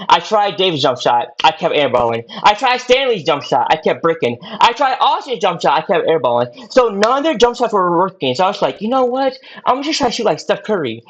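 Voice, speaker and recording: A young man telling a long personal story on a podcast in a casual, rambling way, full of fillers and repeats. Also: fairly high pitch. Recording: dull lo-fi audio.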